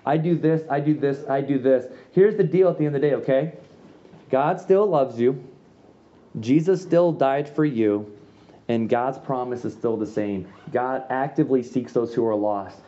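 Male youth pastor, mellow dark tone, slangy conversational preaching, slightly dull recording. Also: medium pitch. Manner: casual, slangy preaching with quick asides. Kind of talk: sermon. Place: church room with an audience.

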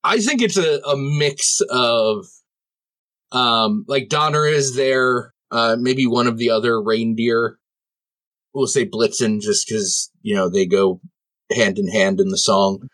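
A man's voice: mid-range voice, slow pace, fairly bright tone. Give me a man playing a tabletop game who rambles, with lots of fillers. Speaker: player.

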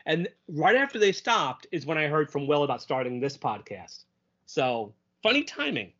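A man co-hosting a casual podcast, lively and laughing often, quoting characters in goofy voices. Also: a little high, normal speed. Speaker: podcast co-host. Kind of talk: casual chat. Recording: dull lo-fi audio.

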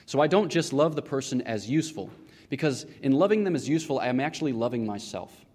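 A man's voice: mid-range voice, animated, fast, darkish tone. Male lecturer, mid-range voice, rhetorical, questioning delivery, recorded in a reverberant lecture hall. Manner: rhetorical, often checks in with "okay?" and "right?". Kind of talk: classroom lecture.

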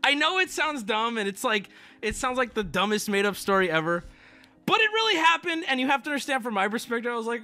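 A man with a high, bright voice tells a story to his stream audience, swinging his pitch widely as he acts out the people he quotes. He is casual and profane, and faint music plays behind him. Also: big pitch swings, normal speed. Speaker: livestreamer.

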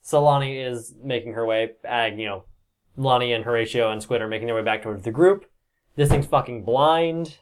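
A man's voice: mid-range voice, moderate pace, smooth. Male GM, casual and profane, rambling narration. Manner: casual, swears often, lots of filler words. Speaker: game master. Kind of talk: narrating a tabletop game.

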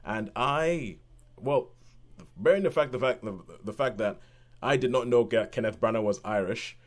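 A man reviewing a film in casual chat, rambling with many restarts and getting animated when excited. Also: medium pitch, moderate pace. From Nigeria. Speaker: film podcast host.

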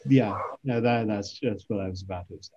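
A man's voice: fairly low pitch, brisk, background noise. A man playing a tabletop game, offhand in tone, on muffled lo-fi audio. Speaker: player.

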